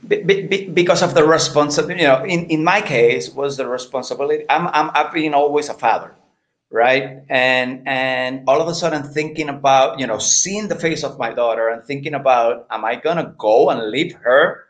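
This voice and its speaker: A middle-aged man talks candidly as an interview guest. His voice sits at an ordinary pitch, and he speaks earnestly, stopping and restarting as he repeats words. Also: normal speed.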